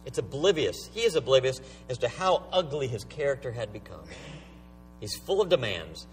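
Animated male preacher, distant mic. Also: mid-range voice, moderate pace, soft background music. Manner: emphatic, rhetorical questions. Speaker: pastor. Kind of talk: sermon.

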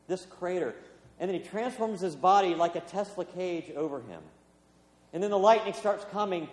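A man with a fairly high voice preaches a sermon and tells a story in a relaxed, conversational way. His voice rings out in an echoey church hall with a long reverb tail. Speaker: pastor.

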